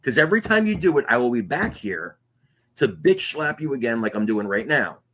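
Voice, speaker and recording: A man's voice: medium pitch, very animated, a little fast, fairly bright tone. A man delivering a profane, scolding rant on a podcast. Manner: scolding, swears heavily. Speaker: podcast co-host.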